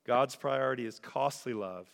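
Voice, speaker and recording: Gravelly man preaching in a reverberant church. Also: mid-range voice, moderate pace. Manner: earnest, builds to loud emphatic peaks. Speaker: pastor. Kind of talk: sermon. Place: church sanctuary. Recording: church hall reverb with soft music.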